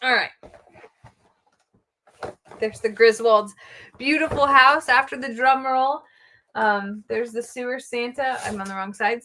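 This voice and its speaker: A middle-aged woman hosting a casual live stream, chatting excitedly with her viewers. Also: on the high side, a little hiss or hum.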